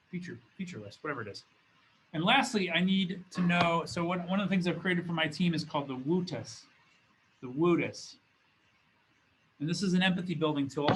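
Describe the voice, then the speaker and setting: A business school professor gives a recorded lecture in a slightly high, fairly bright male voice, over a rough recording with a little hiss or hum. He speaks conversationally and often restarts his phrases, in a classroom or studio with a document camera.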